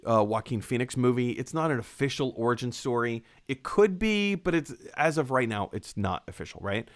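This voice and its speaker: A man hosting a casual live-stream chat about movies, reading out viewer comments and talking in an animated way. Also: medium pitch. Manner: animated, reads viewer comments, acts out quotes. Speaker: movie discussion host.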